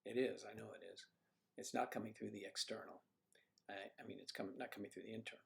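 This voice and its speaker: A man hosting a casual livestream, talking through technical trouble, with a gravelly voice and frequent throat clearing as he mutters to himself while checking his settings. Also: fairly low pitch, fairly even intonation, fast talker. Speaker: livestream host. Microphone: computer microphone at a desk.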